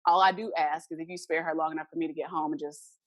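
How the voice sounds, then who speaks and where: A woman's voice: low voice, fairly even intonation, fast talker, dry recording, muffled recording. A young adult woman, a podcast guest, earnestly telling a personal story and acting out the remembered dialogue.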